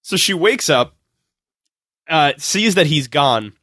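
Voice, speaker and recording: A man, a podcast guest, retelling a film's plot in casual, animated, swearing chat. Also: a little high, slow, no room sound, clean studio sound. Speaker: podcast guest recapping a film.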